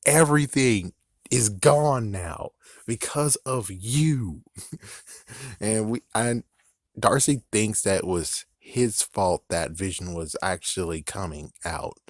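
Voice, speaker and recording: A man's voice: fairly low pitch, slow pace, dry recording, clean studio sound. A man giving a loose, rambling episode recap, swearing often and breaking into laughs. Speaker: channel host recapping an episode. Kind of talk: casual recap vlog.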